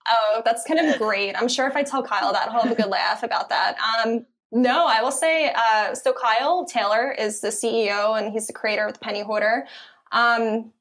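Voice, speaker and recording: A woman's voice: fairly high pitch, moderate pace, fairly bright tone. A young woman with a Philadelphia accent, chatting in an interview as a guest, filling her talk with ums and you-knows. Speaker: guest, content editor. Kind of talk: casual interview conversation.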